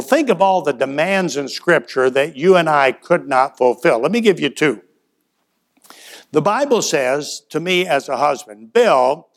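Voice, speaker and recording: A man preaching to a church in a folksy, storytelling sermon, his voice sitting a bit high for a man. He acts out short back-and-forth exchanges, swinging from loud to quiet as he goes. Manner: folksy storytelling with acted-out dialogue and shifts in loudness.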